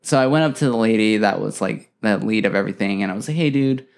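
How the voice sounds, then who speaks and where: A young man hosting a podcast, telling a story in casual chat, animated, acting out quotes and swearing freely. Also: lowish voice, fast talker, gravelly.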